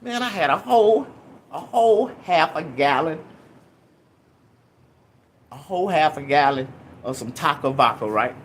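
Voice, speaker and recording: A young man casually telling a rambling, profane story in an animated way. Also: on the high side, a little slow, pauses often, slight background noise. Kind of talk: casual anecdote.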